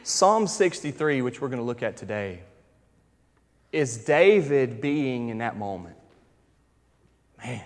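A man's voice: mid-range voice, sing-song, slow pace, long pauses. A man in his thirties preaching a sermon in a conversational, storytelling manner with emphatic stretches. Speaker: pastor. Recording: reverberant hall.

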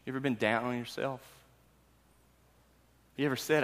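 A pastor in his thirties preaching a sermon, talking with his congregation and asking them questions before he builds to loud, emphatic preaching. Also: medium pitch, steady tone, moderate pace. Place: church hall. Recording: long hall reverb.

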